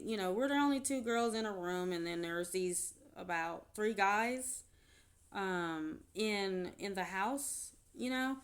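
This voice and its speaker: A woman's voice: medium pitch, a bit bright. A woman vlogger telling a personal story in an unscripted, rambling way, often restarting her sentences. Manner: rambling, emotional retelling with frequent restarts.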